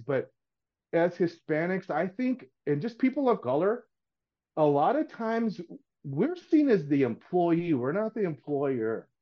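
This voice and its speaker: A man's voice: fairly high pitch, muffled recording. A middle-aged man talking in a casual podcast chat as a guest, earnest and rambling, often restarting his sentences. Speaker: painting contractor guest.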